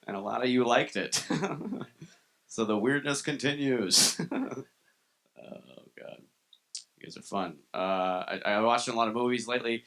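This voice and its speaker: Guy doing standup in a club, lowish voice, bright edge, dark self-deprecating jokes. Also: a little slow, pauses often. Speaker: stand-up comedian. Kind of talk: live stand-up set. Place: comedy club room.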